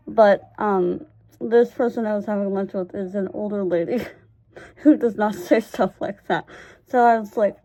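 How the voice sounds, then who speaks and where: A young woman vlogger with a medium-pitched, slightly mellow voice tells funny personal stories to camera in a casual storytime chat. She laughs often, swears freely and uses lots of fillers.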